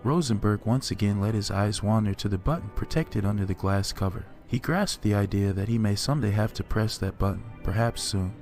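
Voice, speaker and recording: Low-voiced man narrating a horror story. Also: soft background music. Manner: measured, dark storytelling.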